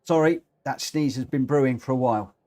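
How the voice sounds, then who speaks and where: A man's voice: medium pitch, a little fast, warm tone. A man hosting a live racing game stream, chatting casually and self-mockingly as he reads out chat. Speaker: livestream host running online racing lobbies.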